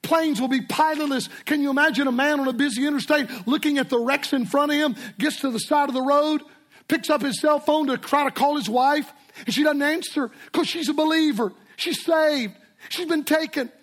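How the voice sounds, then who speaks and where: An older man preaches in a church. His voice sits very high for a man. He tells stories with an emphatic, repetitive cadence. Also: moderate pace, fairly bright tone. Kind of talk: sermon.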